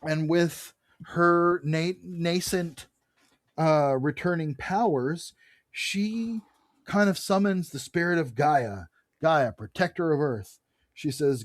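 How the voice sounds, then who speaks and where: A man co-hosting a podcast, recapping a comic book in a casual, animated way, reading characters' lines aloud and swearing freely. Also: fairly high pitch, takes it slowly, dry recording, clean studio sound. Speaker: podcast co-host.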